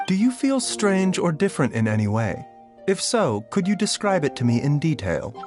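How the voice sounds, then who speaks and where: A composed, curious doctor who speaks with measured, softly amused calm. His pitch moves in lively swings across each line. Faint game music plays behind him. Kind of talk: game voice acting.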